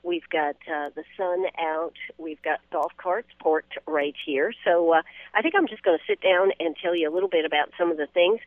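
A man hosting a live radio remote from a golf tournament, talking in a fairly high voice for a man. He is chatty and promotional and leans on filler words. The sound is tinny and phone-like, very dry, with no room sound. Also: normal speed, no echo. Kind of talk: live on-site radio chat. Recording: tinny phone-line audio.

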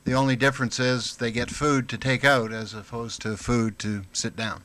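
A man speaking as a radio guest in a halting way, with frequent restarts. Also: mid-range voice, little pitch movement, fairly bright tone. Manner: halting, many restarts and fillers. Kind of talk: casual interview talk.

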